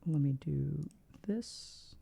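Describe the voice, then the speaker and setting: The speaker is a middle-aged man hosting a mental health livestream, casually and emphatically lecturing his chat, repeating phrases for stress, and addressing them directly. His voice is on the high side, gravelly, slightly rough, and warm. He speaks very slowly.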